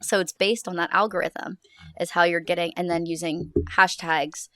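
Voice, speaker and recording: A young woman co-hosting a podcast in casual chat, explaining things quickly with plenty of fillers. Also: fairly low pitch, fairly even intonation, pushed and bright, no room sound, studio quality. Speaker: podcast co-host.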